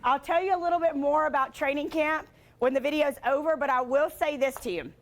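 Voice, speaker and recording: A woman's voice: sits high, brisk. A woman giving a motivational talk, telling stories in a chatty way with lots of fillers and self-deprecating humor. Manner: chatty, filler-heavy with frequent "like". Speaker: motivational speaker and sportscaster.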